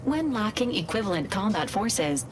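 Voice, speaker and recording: A woman voicing a calm, formal female ship computer in a video game, giving crisp military briefings. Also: mid-range voice, normal speed, noisy background, close to an everyday voice.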